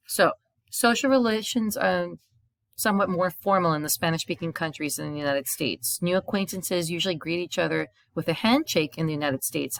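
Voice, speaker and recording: A woman with a low, gravelly voice teaches a recorded video lesson in clean studio sound with no echo. As a Spanish teacher, she patiently explains, reading short example dialogues aloud and translating them.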